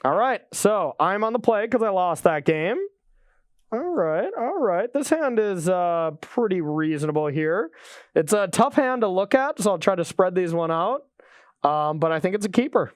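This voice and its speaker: A man with a high, bouncy voice chats his way through a card game match, cracking jokes and laughing often. He is recorded close up and dry. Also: lively intonation, moderate pace, no room sound. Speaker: card game player and show regular. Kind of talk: casual play-along chat.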